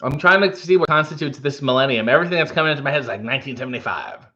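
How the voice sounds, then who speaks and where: A man's voice: medium pitch, animated, very fast, bright, forceful tone, muffled recording. A man hosting a livestream in casual chat, reading out viewer comments with rambling, wry asides. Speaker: livestream host.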